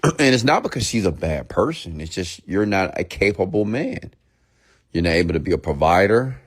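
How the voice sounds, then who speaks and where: Deep-voiced man giving a blunt lecture. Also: big pitch swings, moderate pace, breathy edge. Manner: blunt, lecturing, often drops to a hushed near-whisper. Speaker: motivational speaker. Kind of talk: blunt motivational monologue.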